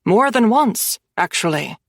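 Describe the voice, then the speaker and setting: A woman voicing a cold, dangerous mafia man who speaks calmly and conversationally, with quiet menace in an audiobook. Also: medium pitch, a little slow, dry recording, studio quality. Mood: coldly persuasive. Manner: calm, conversational, quietly threatening.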